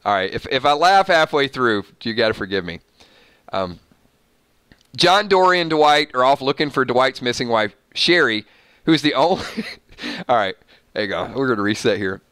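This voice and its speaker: Male recap host, bright clear voice, dry close sound, laughs through his sarcastic reading. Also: medium pitch, lively intonation, moderate pace, no echo. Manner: laughing often, sarcastic asides. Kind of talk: casual TV recap reading from an article.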